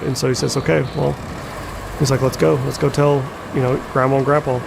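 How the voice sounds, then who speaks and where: A young man telling a painful personal story in a halting, candid way, with repeated words, fillers and swearing. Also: medium pitch, little pitch movement. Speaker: storyteller sharing a personal account. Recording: clear background engine noise.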